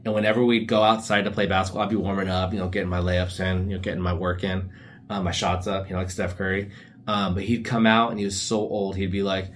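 A man's voice: deep voice, flat delivery, fast talker. A young man hosting a casual solo podcast, rambling through laid-back stories full of slang and asides. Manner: often drops into silly put-on voices for quotes. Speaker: podcast host.

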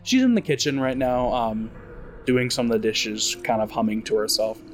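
A man narrating as game master of a tabletop role-play, relaxed and full of fillers. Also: medium pitch, normal speed, soft background music. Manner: relaxed, with many fillers and restarts.

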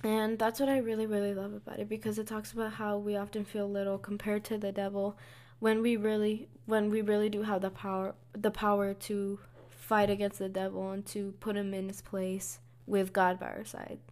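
A woman's voice: mid-range voice, monotone, normal speed, a little mellow. A woman talking casually and earnestly about her faith, repeating phrases for emphasis. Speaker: vlogger sharing a faith reflection. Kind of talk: casual devotional talk.

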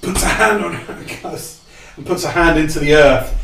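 A man's voice: on the high side, gravelly. A man running a tabletop game as game master, narrating scenes and guiding players through combat. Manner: slow, unhurried storytelling with lively intonation. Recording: roomy, distant, noisy home recording.

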